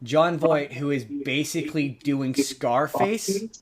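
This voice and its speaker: Male podcast co-host, slightly higher voice, halting, rambling delivery. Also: animated. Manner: rambling, halting with many restarts. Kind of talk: casual chat.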